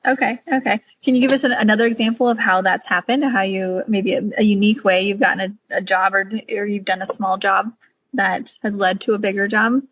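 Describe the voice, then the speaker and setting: A woman's voice: mid-range voice, fairly even intonation, a little fast, a bit bright, low-quality recording. A woman hosting a podcast interview who asks follow-up questions and reacts eagerly to her guest's stories. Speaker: podcast host. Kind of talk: casual interview.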